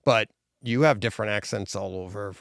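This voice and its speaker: A man from the States hosts a relaxed live-stream chat, his voice gravelly at the edges. He rambles and restarts his thoughts freely. The sound is dry and close. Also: on the low side, moderate pace, no room sound. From United States. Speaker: podcast host.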